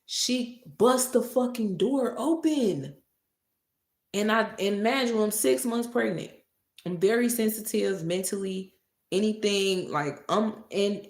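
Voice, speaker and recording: A woman telling a story casually, cursing freely and acting out a heated argument. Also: lowish voice. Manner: profane, animated retelling that acts out heated arguments. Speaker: storytime vlogger. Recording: roomy echo.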